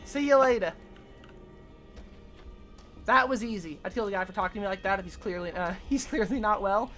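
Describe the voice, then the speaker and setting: A woman's voice: mid-range voice, fairly quick, a bit bright, soft background music. A woman streaming a game with casual, crude, joking commentary and frequent sighs.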